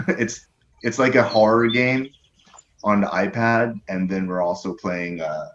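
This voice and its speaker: A man's voice: fairly low pitch, unhurried, fairly bright tone, highs cut off, a little hiss or hum. A man in his forties chatting as a guest over a video call, laid-back and hesitant, with lots of fillers. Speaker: podcast guest.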